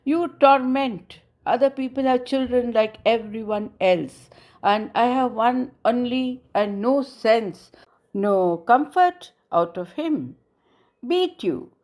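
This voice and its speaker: A woman's voice: on the high side, takes it slowly, darkish tone. A woman voicing a distraught middle-aged mother who wails self-pitying reproaches at her son in a storybook reading. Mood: reproachful.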